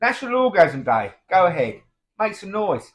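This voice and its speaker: A man's voice: sits high, sing-song, moderate pace. A middle-aged man, trading cheeky, blokey comic banter and calling his partner mate. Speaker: comedy double act co-host.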